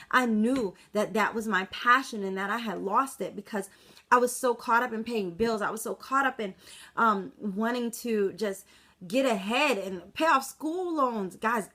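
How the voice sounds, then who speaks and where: A young woman from the United States speaks straight to camera in a casual sales pitch, emphatic and upbeat with plenty of "um" fillers. Her voice sits a little high and rings bright, and she sounds close to tears. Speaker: direct sales presenter.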